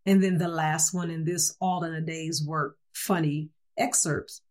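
Slow, unhurried woman reading jokes aloud. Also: low voice, fairly even intonation, darkish tone. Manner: chuckles at the jokes she reads. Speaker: reader of humor excerpts.

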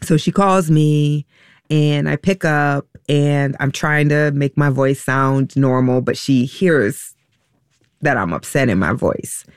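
A middle-aged woman telling a painful personal story in a halting, emotional way, with many restarts and fillers. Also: sits low, clear, resonant tone, dry recording, clean studio sound. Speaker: interview guest.

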